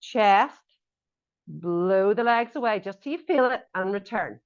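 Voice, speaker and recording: A woman coaching a live workout calls out upbeat cues in a smooth, expressive, unhurried voice at a typical middle pitch. Now and then she pauses for chatty, self-deprecating humor, and the audio comes across dull and a little lo-fi.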